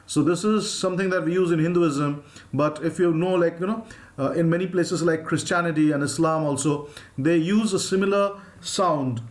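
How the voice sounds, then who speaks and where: A man's voice: a little high, normal speed, echoey room. A man with an Indian English accent teaching an online phonetics lesson, patiently modelling sounds for students to repeat.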